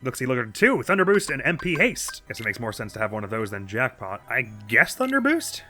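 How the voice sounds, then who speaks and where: A man's voice: mid-range voice, big pitch swings, brisk, pushed and bright, faint music behind. A man hosting a let's play, giving playful, chatty gameplay commentary and laughing often.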